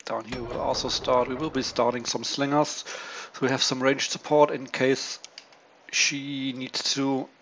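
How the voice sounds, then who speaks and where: A man giving casual, low-key commentary on his turn in a strategy game, thinking aloud with many pauses and ums. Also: level tone, fairly bright tone. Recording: dull lo-fi mic with faint hiss.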